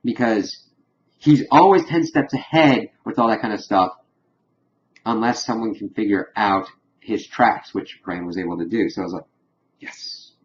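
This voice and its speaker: A man's voice: lowish voice, moderate pace, dull audio, slight background noise. A young man casually recapping and reviewing a TV episode, retelling scenes and briefly voicing characters' lines. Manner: animated retelling, lightly acting out characters' lines. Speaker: TV show reviewer.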